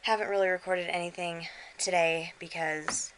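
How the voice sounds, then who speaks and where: A middle-aged woman with a low yet bright, sharp-edged voice talks casually into a handheld camera while lying in bed. She sounds drained and unwell, and her words come out weary. A faint hiss sits under the recording. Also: fairly even intonation, normal speed, low-quality recording. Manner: tired, drained, talking from bed. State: unwell and worn out. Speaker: vlogger. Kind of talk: casual vlog chat. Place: bedroom, in bed.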